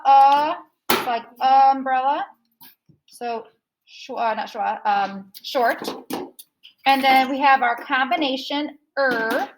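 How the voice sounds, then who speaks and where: A woman's voice: high-pitched, noisy background. A woman teaching a recorded phonics lesson, patiently modeling sounds and asking the listener to repeat after her.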